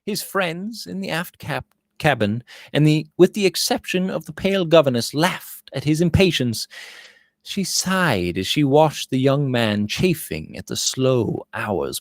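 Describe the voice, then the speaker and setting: Guy reading a victorian novel, voice goes all over the place, dry close sound. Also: no room sound. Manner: voices dialogue with rising pitch and volume. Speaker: audiobook reader.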